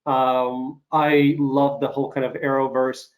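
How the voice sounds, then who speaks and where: A man's voice: mid-range voice, level tone, a little slow. Male host, recovering from illness, chatty and rambling, full of fillers, on a video call. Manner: rambling, lots of fillers and restarts. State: recovering from covid, some coughing. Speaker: podcast host. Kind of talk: casual interview chat.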